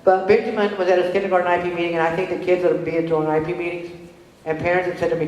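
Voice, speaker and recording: A middle-aged woman and parent giving a conference presentation to an audience, telling stories conversationally and checking in with the room. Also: lowish voice. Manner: animated storytelling with quick restarts. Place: large hall with an audience. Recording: very echoey hall with long reverb.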